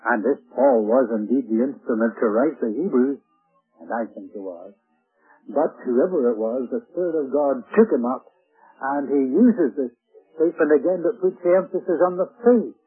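A man's voice: medium pitch, expressive, moderate pace. A man preaching an earnest Bible teaching sermon, stressing key phrases with emphatic repetition. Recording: tinny phone-like band, husky.

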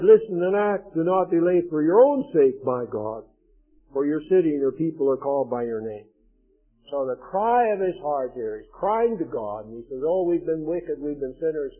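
A man preaching on the radio, earnestly reading scripture aloud and then explaining it in plain words. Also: on the high side. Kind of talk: radio Bible teaching. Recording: tinny phone-like radio broadcast.

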